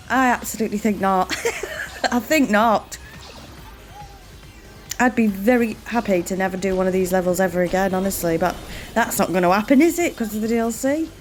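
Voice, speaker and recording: Chatty woman playing a game. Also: mid-range voice. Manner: chatty and rambling, thanks viewers warmly. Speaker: gaming channel host. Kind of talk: let's-play commentary.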